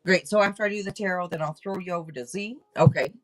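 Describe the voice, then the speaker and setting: Excitable woman hosting a tarot stream. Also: fairly low pitch, fast talker, rough recording. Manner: excitable, swears casually, rambling restarts. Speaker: tarot reader and live stream host. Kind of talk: casual live-stream chat.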